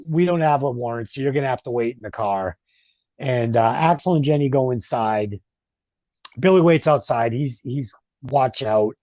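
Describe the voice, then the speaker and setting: A man's voice: fairly high pitch, warm tone, dry recording. A man hosting a podcast, casually recapping a film with many fillers and asides. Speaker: podcast host. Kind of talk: casual movie review chat.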